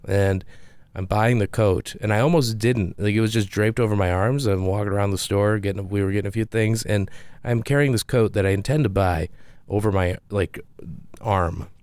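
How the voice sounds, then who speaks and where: A man's voice: lowish voice, steady tone, moderate pace, darkish tone, dry recording, studio quality. A man, a comedian, telling a rambling, self-deprecating story in a casual monologue with frequent restarts.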